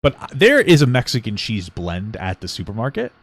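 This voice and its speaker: A man's voice: on the low side, moderate pace, no echo. A man co-hosting a podcast, chatting casually and sarcastically while reacting to a clip. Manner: animated, sarcastic, joking. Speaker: podcast co-host.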